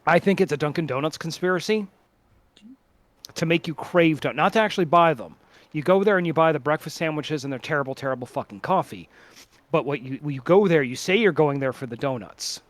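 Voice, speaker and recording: A man's voice: fairly high pitch, a little fast, no room sound. A man co-hosting a casual podcast with friends, rambling with lots of fillers and restarts. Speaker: podcast co-host. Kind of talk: casual chat among friends.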